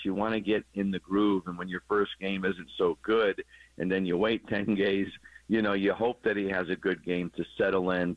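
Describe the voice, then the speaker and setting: Deep-voiced man breaking down baseball plays. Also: no echo. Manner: explanatory, chuckling at his own jokes. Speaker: former third base coach, radio guest analyst. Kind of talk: casual sports radio chat. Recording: dull lo-fi broadcast audio.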